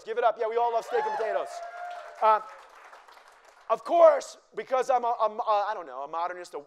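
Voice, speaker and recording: A man's voice: high voice, clean tone. A man giving a live cooking demonstration to an audience, joking and teasing the crowd in a chatty way.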